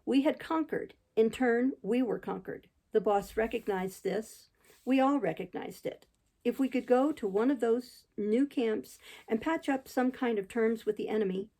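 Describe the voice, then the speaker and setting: Female audiobook reader, steady and measured, with a dark, mellow tone. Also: on the high side, poor audio. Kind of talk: audiobook narration.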